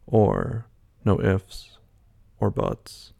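A man with a low, heavily gravelly and husky voice, thinking aloud in a loose, hesitant way full of fillers. The sound is dry and close, with no room around it. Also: fairly even intonation, moderate pace, dark tone, no echo. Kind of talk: casual talk, taking an online quiz aloud.

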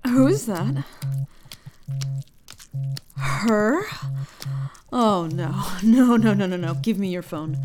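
A possessive young girlfriend, acted by a woman, in a whispered role-play. Her voice sits at an ordinary middle pitch, hushed and breathy, and she lingers on each phrase at a very slow pace. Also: expressive. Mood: jealous, scolding.

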